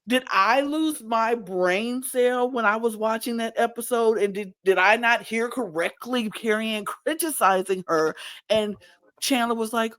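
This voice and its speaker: A woman co-hosting a casual podcast that recaps reality TV, talking in an animated way and firing off incredulous rhetorical questions. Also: on the high side, measured pace. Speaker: podcast co-host.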